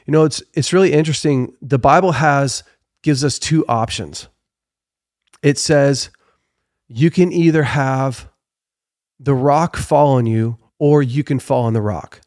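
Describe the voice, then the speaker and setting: A man's voice: medium pitch, unhurried, darkish tone, no room sound, studio quality. A man giving conversational faith teaching as a podcast guest, earnest, reading scripture aloud and often correcting himself mid-phrase.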